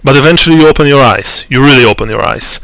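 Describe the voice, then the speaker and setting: Halting, bright-voiced male game master. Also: mid-range voice, dry recording. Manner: slow, halting, many fillers and restarts. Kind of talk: narrating a tabletop role-playing game.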